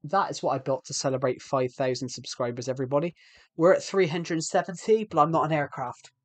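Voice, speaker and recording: A man's voice: fairly high pitch, steady tone, fairly quick, dry recording. A man live-streaming a game, chatting casually with viewers and often restarting sentences.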